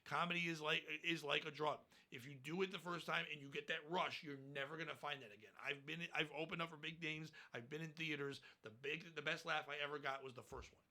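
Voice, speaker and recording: A man's voice: on the high side, fairly even intonation, quick pace, hardly any pauses, bright, forceful tone. A man, a stand-up comedian, talking bluntly and profanely in a casual podcast interview.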